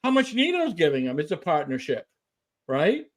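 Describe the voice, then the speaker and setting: A man with a notably high voice, speaking as a podcast guest. He talks emphatically, stacking rhetorical questions one after another. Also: huge pitch swings, normal speed. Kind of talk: animated interview talk.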